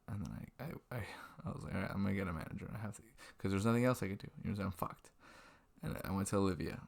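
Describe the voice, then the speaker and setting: Low gravelly young man, rambling. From Washington state, US. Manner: rambling, self-deprecating, swears freely. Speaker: restaurant server telling a work story. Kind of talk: casual storytelling vlog. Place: indoors at a computer, late at night. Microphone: webcam mic.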